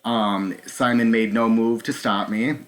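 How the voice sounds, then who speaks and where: A man hosting a live stream, talking straight to his viewers in a halting, nervous way with many filler ums. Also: fairly low pitch, fairly even intonation. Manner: talks to viewers directly. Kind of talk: live stream recounting events.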